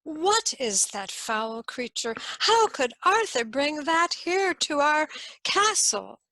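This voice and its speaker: A woman storyteller voicing a group of gossiping court ladies, high and loud in scandalized protest. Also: very animated, slow, no room sound, exaggerated voice, rough recording.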